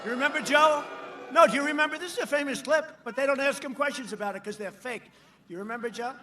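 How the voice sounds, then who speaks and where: A man giving a campaign rally speech at a podium microphone, mocking and repetitive, shouting lines out to the crowd. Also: extremely high pitch, quick pace, background noise. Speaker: politician addressing a rally crowd. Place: large outdoor rally.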